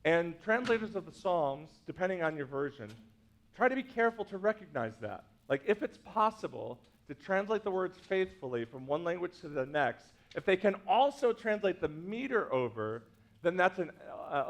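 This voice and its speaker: A man's voice: high voice, very animated, normal speed. A man, a pastor, giving a casual teaching talk to a congregation, full of "like" and "right?" asides. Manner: chatty, many fillers like "like" and "right?".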